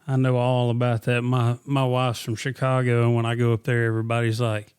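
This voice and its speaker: A man's voice: mid-range voice, completely flat delivery, quick pace, hardly any pauses, clean tone, dry recording, clean studio sound. A man hosting a casual podcast, easygoing and a little hesitant as he introduces and questions his guest. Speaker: podcast host.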